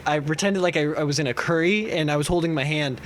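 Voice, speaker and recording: A young man, a podcast host, telling animated stories in casual chat, swearing and acting out quoted lines loudly. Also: a little high, fast talker.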